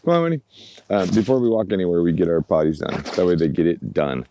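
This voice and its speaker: A man with a low, mellow voice talks casually into a handheld camera while he takes his dogs out in the yard. He is relaxed and chatty and coaxes the dogs along with pet names. The sound is dry and close. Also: quick pace, no echo. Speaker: dog trainer. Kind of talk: casual vlog narration while walking dogs. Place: outdoors in a yard by woods.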